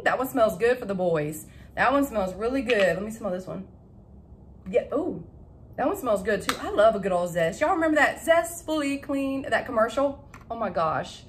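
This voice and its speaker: A young woman with a drawl talks through her shopping haul at home, gushing and excitable. Her voice sits a little high, and she giggles at her own tangled words. A faint hiss of room noise runs under the recording. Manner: chatty and excitable, laughs at her own word slips. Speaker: vlogger showing a shopping haul. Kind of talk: casual chat to camera.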